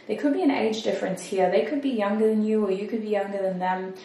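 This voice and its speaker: A woman with a medium-pitched, slightly mellow voice is heard on a distant mic, with roomy echo and faint noise. As a tarot reader, she gives a casual, chatty reading, thinking aloud and poking fun at herself.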